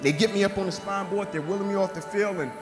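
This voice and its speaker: A man's voice: high voice, fast, in a large hall. A man giving a motivational speech, telling his own story in an emphatic, repetitive way and acting out the dialogue. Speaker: motivational speaker. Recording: music bed under the voice.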